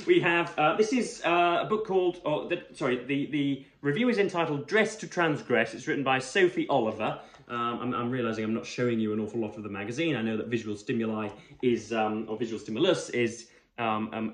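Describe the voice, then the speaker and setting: A man reviewing a magazine for his book channel, talking in a halting, wordy way with many fillers and restarts. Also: mid-range voice, a bit bright. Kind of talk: casual book review vlog. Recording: roomy echo.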